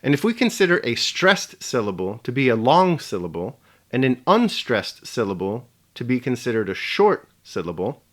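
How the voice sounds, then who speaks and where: A man presenting a scripted video lesson with a measured, emphatic delivery. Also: medium pitch, very animated, fairly bright tone. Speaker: teacher.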